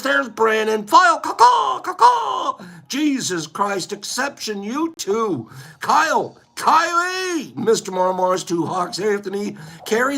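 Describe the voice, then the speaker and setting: A man hosting a casual live stream, rambling playfully and calling out viewers by name with sudden high whoops. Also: vocal fry, fairly bright tone. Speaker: livestream host.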